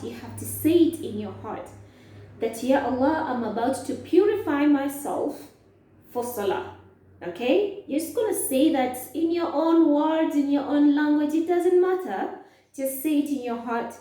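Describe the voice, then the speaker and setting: A woman teaching a lesson to children, speaking slowly, asking questions and answering them herself. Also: fairly high pitch, warm tone. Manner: slow, drawn-out, asks questions and answers them. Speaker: Islamic studies teacher. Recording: echoey, from far off.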